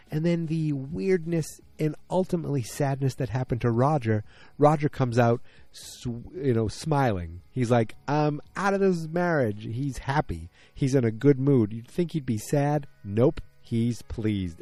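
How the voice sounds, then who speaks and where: A man's voice: medium pitch, mellow, no room sound. A man in his forties casually recapping a TV episode on his own, rambling and hesitant, with lots of ums and asides.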